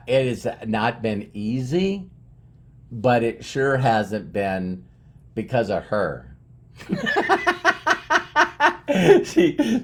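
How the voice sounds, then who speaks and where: Earnest middle-aged man, rambling talk. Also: mid-range voice. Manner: earnest, rambling, with frequent restarts. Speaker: motivational speaker. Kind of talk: personal motivational monologue.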